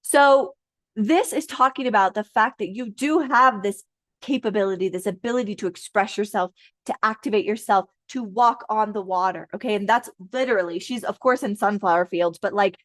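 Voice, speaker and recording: Doing a laid-back tarot card reading for her viewers, this woman in her thirties keeps things playful, cracking jokes, laughing and swearing often. She speaks at a normal speed with a medium-pitched voice, recorded without echo.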